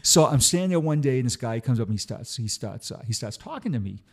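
A middle-aged retired police officer tells stories in a relaxed chat, often stammering and repeating words. His mid-range voice is husky with vocal fry, and he talks fast in a sing-song way.

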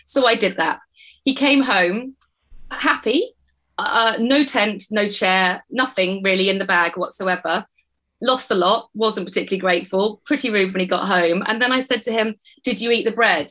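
A woman's voice: mid-range voice, moderate pace, sharp tone, poor audio. A middle-aged woman on a podcast panel, telling a family story in casual chat and acting out what everyone said.

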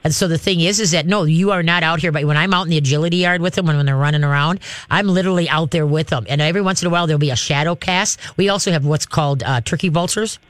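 A man's voice: a little high, very fast, fairly bright tone, dry recording. A middle-aged man who trains dogs, giving rambling, chatty advice to a caller with lots of "you know"s. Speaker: dog trainer. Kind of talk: call-in advice.

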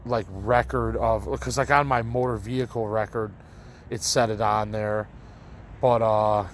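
A young man with a fairly low voice tells a personal story to his listeners. He rambles, leaning on likes and false starts. Faint ambience sits behind him. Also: steady tone, a little slow, slight background noise. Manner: rambling, full of likes and restarts. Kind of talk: casual storytelling monologue.

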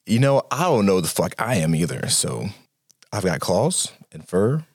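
Man doing a gruff cursing wolf-man, low voice, dry sound. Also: big pitch swings, moderate pace, no room sound. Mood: irritated. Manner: swearing, brusque. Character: grumpy seven-foot male arctic wolf man.

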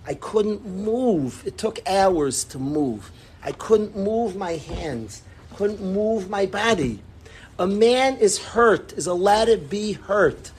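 Guy teaching a torah class, really fired up, says everything twice, loud then quiet. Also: high-pitched, a little hiss or hum. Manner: emphatic, repetitive, swings from loud to hushed. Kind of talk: impassioned religious class talk.

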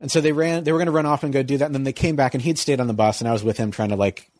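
A middle-aged man telling a long, rambling story in casual conversation, full of likes and you-knows, jumping into high mocking voices to quote people. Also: racing, darkish tone, no room sound, studio quality.

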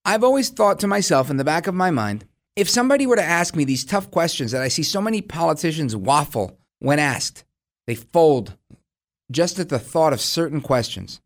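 A man's voice: a little high, sing-song, moderate pace. A man hosting a political talk show, giving combative, sarcastic opinion commentary.

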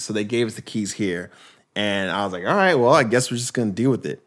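A young man hosting a podcast, telling a story in casual chat and acting out the quotes with big jumps in his voice. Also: a little fast. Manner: animated, acts out quotes with big pitch jumps. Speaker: podcast host.

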